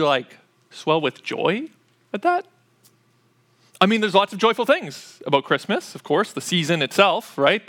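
A man's voice: high-pitched, a bit bright. A man preaching a sermon in a church, conversational and sprinkled with "uh" fillers. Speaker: pastor.

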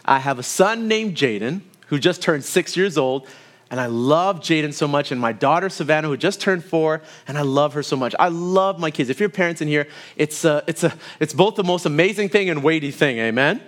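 Male pastor preaching, fairly high voice, chatty stories, talks right to the church. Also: lively intonation, brisk, fairly bright tone. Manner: storytelling with asides to the congregation. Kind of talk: sermon.

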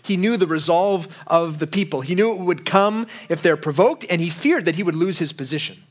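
Brief: young pastor, high-pitched voice, casual sermon delivery, acts out quotes. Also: male voice, fairly quick. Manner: conversational, acts out quoted lines with rising voice.

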